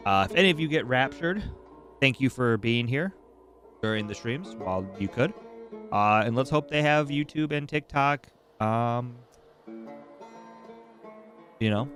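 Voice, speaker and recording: A man streaming a video game, chatting casually in an irreverent, profane, rambling way while coming down with a cold. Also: on the low side. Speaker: gaming livestreamer. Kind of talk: casual chat while playing.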